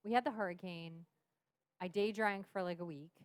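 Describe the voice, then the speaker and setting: Speaking at a moderate pace with a fairly low pitch, a woman in her thirties tells a frank personal story as a podcast guest. Expect plenty of cursing and frequent laughter.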